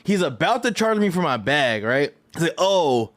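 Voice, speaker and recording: A man telling a story in a casual vlog, animated and profane, full of slang and rambling asides. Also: fairly high pitch, moderate pace. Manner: loose, rambling delivery with frequent "right?". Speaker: fighting game vlogger.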